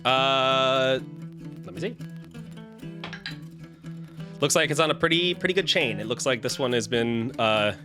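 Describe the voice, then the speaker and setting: A man narrating and ruling as dungeon master of a tabletop game, quick and teasing. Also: medium pitch, music in the background.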